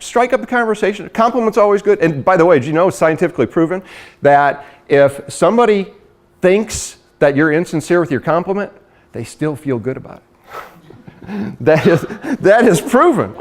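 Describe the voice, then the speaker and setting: A middle-aged man giving a lively sales training talk, acting out conversations and laughing often. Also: high voice. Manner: animated storyteller, acts out dialogue, laughs often.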